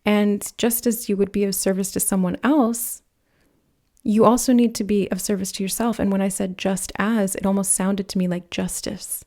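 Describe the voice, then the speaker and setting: Speaking at normal speed and medium pitch with little pitch movement, a woman gives a pick-a-card tarot reading. She's gentle and earnest, wandering a bit and letting out soft laughs.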